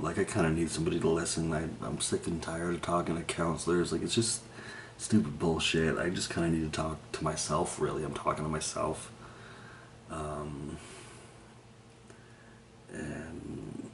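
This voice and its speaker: Man, low voice, profane, rambling monologue, laughs often, faint background hiss. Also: a little mellow. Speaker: vlogger.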